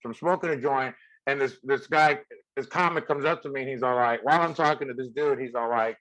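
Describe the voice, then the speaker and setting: A man's voice: mid-range voice, a little fast, a bit bright, no echo, low-quality recording. A man hosting a casual podcast chat, from Mexico, who talks bluntly, laughs a lot and leans on "like" fillers. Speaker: podcast host and comedian.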